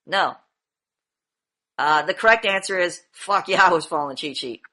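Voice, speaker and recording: A woman's voice: lowish voice, animated, normal speed, sharp tone. A woman teaching an acting class, blunt and demanding, swearing freely as she questions her students.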